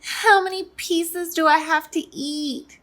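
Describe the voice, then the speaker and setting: A woman's voice: extremely high pitch, fairly even intonation, takes it slowly, fairly bright tone, pitched above the performer's own voice, full character voice. Woman doing a squealing little boy pea. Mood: whiny. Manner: squealing, whiny. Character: excitable little boy pea, young and fussy. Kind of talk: storybook read-aloud.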